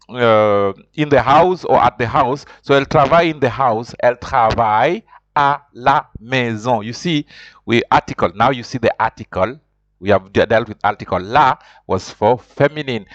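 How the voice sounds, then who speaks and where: A man teaching a beginner French lesson informally, hesitant with many fillers and repeated words, slowing down to repeat French words for practice. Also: mid-range voice, a bit bright, no room sound. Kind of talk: informal language lesson, explaining and pronouncing. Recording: dull, lo-fi home recording.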